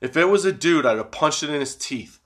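A man hosting his own podcast, rambling in a casual, profane, self-mocking way after staying up all night high. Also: lively intonation, brisk, a bit bright. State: sleepless and high. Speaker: podcast host.

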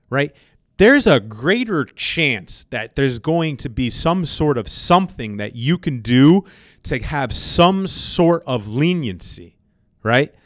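A man's voice: a little high, dry recording, clean studio sound. A man hosting a podcast, lecturing bluntly and emphatically with frequent swearing. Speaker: podcast host and gym owner. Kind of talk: casual advice monologue.

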